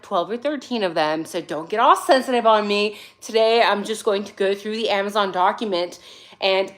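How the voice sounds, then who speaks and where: A woman in her forties speaks briskly at medium pitch while hosting a casual phone livestream. English isn't her first language. Tired but running on caffeine, she's chatty and sassy and says hello to viewers by name.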